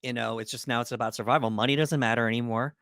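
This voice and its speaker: A man's voice: mid-range voice, steady tone, racing, fairly bright tone, dry recording, studio quality. A man co-hosting a podcast, talking through a movie in a loose, rambling way with plenty of fillers and restarts. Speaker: podcast co-host. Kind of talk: casual film discussion.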